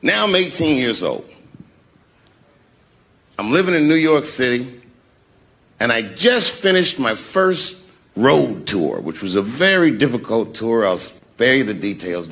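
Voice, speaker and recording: A man telling stand-up comedy stories, acting out the people in them and dropping to a hushed mumble for sheepish asides. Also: mid-range voice, a little slow, vocal fry. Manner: animated, acts out the voices of people in his stories.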